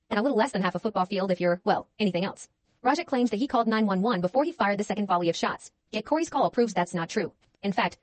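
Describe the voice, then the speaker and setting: Brief: female true-crime narrator, brisk scripted read, dry pointed delivery. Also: mid-range voice, a little mellow. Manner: matter-of-fact, dryly pointed.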